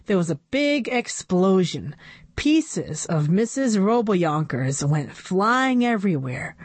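A woman reading a children's chapter book aloud with expressive storytelling. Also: mid-range voice, slow, breathy edge, no room sound.

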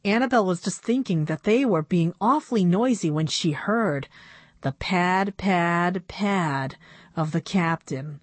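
A woman narrating a children's storybook in a measured, expressive way. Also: fairly low pitch, no room sound. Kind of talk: storybook reading.

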